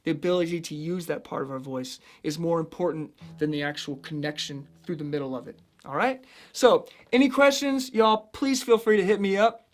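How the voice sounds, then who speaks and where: A man from central Illinois giving a casual singing lesson, chatting about head voice and breaking into high sung demonstrations. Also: animated, moderate pace. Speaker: vocal coach.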